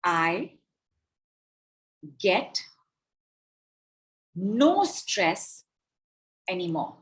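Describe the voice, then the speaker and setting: A woman, leading a spiritual money coaching call, chanting affirmations and breath cues in slow repetitions. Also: on the low side, sing-song. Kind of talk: guided affirmation session on a call.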